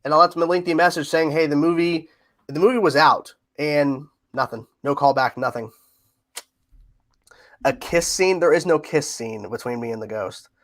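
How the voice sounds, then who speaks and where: His voice is fairly high and a bit bright, at an ordinary pace. As host of a laid-back livestream, he reads viewers' questions aloud and responds in a talkative, repetitive way, with plenty of laughter.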